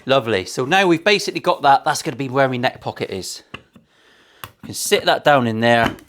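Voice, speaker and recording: A man's voice: medium pitch, expressive, a little fast, a bit bright, slight background noise. A man building a guitar in his workshop, talking casually to camera with cheeky banter, plenty of swearing and jokey asides. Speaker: luthier.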